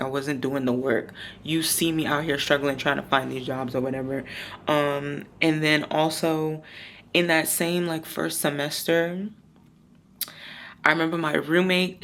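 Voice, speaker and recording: A woman's voice: sits low, a bit bright, a little hiss or hum. A woman in her thirties vlogging outdoors, telling a rambling, confiding personal story. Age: 30s. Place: outdoors, windy.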